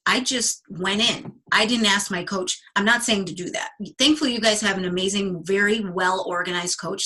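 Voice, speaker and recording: A woman's voice: mid-range voice, pushed and bright, breathy edge, low-quality recording. A woman guest speaker giving a motivational talk to a coaching team, enthusiastic and chatty, drawing out words for emphasis. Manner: enthusiastic and emphatic, slowing down to stress key words; casual and chatty, with many restarts.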